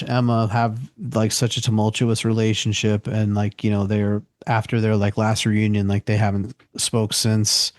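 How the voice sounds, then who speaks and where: A man's voice: medium pitch, clear, resonant tone, dry recording, studio quality. A man co-hosting a podcast, talking loosely and chattily in casual conversation. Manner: loose and chatty, heavy with fillers like "you know". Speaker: podcast co-host.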